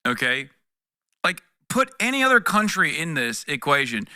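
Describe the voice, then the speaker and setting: A man's voice: fairly high pitch, sing-song, normal speed, pushed and bright, clean tone, no echo, clean studio sound. A man streaming casual political commentary, talking with a profane, exasperated edge in bursts with restarts, to his chat.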